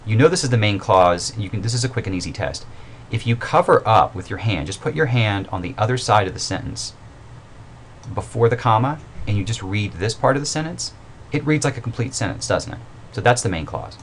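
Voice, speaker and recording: A man's voice: lowish voice, lively intonation, brisk, a little hiss or hum. A man who teaches writing, giving a recorded mini-lecture in an informal, explanatory way, with fillers and self-corrections. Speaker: writing instructor.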